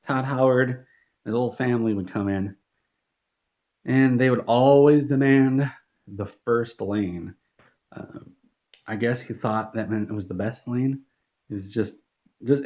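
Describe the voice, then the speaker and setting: A man in deadpan comedic storytelling, rambling with restarts. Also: mid-range voice, highs cut off.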